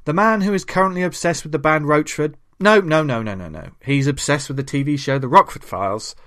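A man's voice: on the high side, fairly quick, fairly bright tone. A man hosting a comics podcast in casual chat, jokey and rambling, laughing often. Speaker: podcast host.

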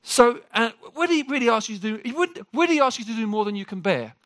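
Lively, bright-voiced male preacher. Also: extremely high pitch, quick pace, dry recording, studio quality. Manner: animated, joking with the congregation. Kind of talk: sermon.

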